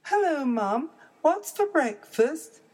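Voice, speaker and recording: A woman voicing a small, eager young male bear cub with a high little voice in a storybook reading. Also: big pitch swings, slow pace, a little mellow, exaggerated voice. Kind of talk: storybook read-aloud.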